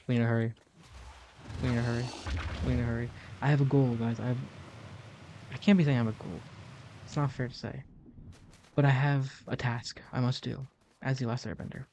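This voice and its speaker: A man's voice: mid-range voice, moderate pace, pauses often, mellow, slight background noise. A young man giving jokey, rambling commentary over a game he is playing. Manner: rambling, jokey, self-mocking. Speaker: gaming video host. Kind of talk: casual gameplay commentary.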